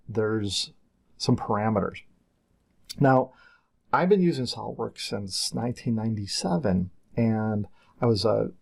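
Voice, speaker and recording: A middle-aged man talks through a software lesson in a relaxed, conversational way, with a gravelly, husky texture to his voice. His pitch sits in an ordinary middle range, and he often wanders off into asides before returning to the steps. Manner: casual and conversational, wanders into side stories. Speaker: CAD instructor. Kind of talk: screen-recorded software tutorial.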